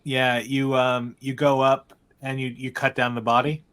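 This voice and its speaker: A man running a tabletop game as game master, narrating scenes in a meandering, halting way with frequent restarts. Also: mid-range voice, level tone, fairly bright tone, smooth.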